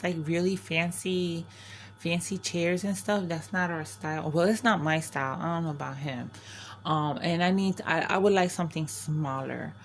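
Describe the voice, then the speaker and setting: An older New York woman who vlogs about crafting chats candidly to camera in a lowish voice, rambling and frequently restarting sentences. A little hiss or hum sits on the recording.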